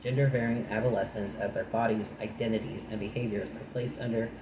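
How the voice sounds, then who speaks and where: A man's voice: lowish voice, steady tone, brisk. A man reading a nonfiction book aloud, breaking off into chatty, dry asides of his own. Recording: echoey room with noise.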